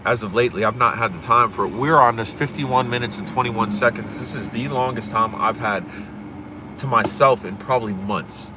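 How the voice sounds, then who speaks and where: A man from Pennsylvania talking fast and profanely on a casual livestream, swaggering and rambling, recorded on a phone outdoors. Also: mid-range voice, background noise.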